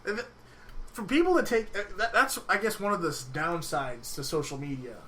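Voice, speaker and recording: A man's voice: high voice, sing-song, pushed and bright, slight background noise. A man co-hosting a casual podcast, rambling with lots of "like" and teasing his friend. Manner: rambling, lots of "like", quick to tease. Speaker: podcast co-host.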